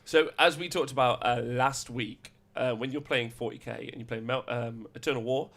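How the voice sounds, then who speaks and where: A man's voice: mid-range voice, moderate pace, creaky, a bit bright. A man hosting a casual chat, reading rules aloud and laughing often between jokes. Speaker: podcast host.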